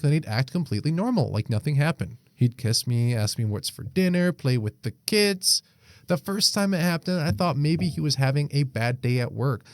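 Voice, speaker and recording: A man's voice: medium pitch, no echo. A young man, co-hosting a podcast in casual chat, reading a Reddit post aloud, swearing freely and laughing often. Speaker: podcast co-host.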